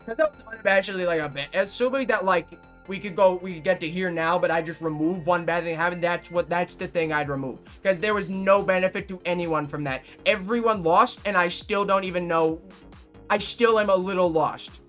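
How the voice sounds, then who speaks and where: A man of about nineteen, a livestreamer chatting casually with his viewers, rambling and swearing, quick to fake outrage. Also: sits high, animated, fairly bright tone, faint music behind.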